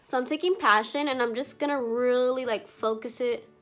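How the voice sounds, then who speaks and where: A woman's voice: on the high side, moderate pace, a bit bright, soft background music. Chatty congested young woman vlogger. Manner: chatty, lots of "like" fillers, casual swearing. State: a little congested from allergies. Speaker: beauty vlogger. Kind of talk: makeup tutorial narration.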